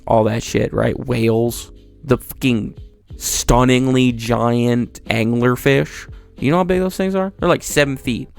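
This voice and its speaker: Gravelly man ranting comedically. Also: medium pitch. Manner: profane, rambling, mock-incredulous. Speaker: video creator. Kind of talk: comedic monologue.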